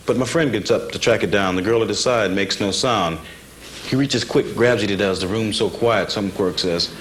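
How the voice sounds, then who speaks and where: A young man in his twenties, a football player, speaking earnestly about his struggles and reciting his own poetry with dramatic flair. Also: fairly low pitch. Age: 20s. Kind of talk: reflective interview and poetry recital.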